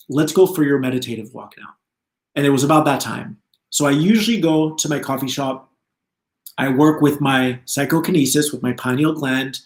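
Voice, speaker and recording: A man hosting a live spiritual talk, chatty and animated, laughing often as he speaks. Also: medium pitch, gravelly, reverberant. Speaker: spiritual channeler, host.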